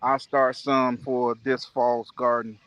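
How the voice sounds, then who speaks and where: A man's voice: level tone, slow, fairly bright tone, smooth, no room sound, highs cut off. A man chatting casually on a livestream, telling stories with lots of laughter and playful impressions of his friends. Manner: laughing storyteller, mimics friends in a high voice. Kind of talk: casual chat.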